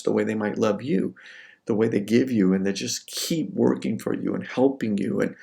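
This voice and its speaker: Guy lecturing a class, gravelly mellow voice, super conversational, acts stuff out. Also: on the low side.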